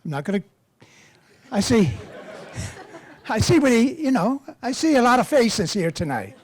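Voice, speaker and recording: A man's voice: very high-pitched, sing-song, measured pace. An older man, a priest, telling humorous, self-deprecating stories to a live audience in a rambling way. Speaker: priest and campus minister. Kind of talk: storytelling talk to a live audience.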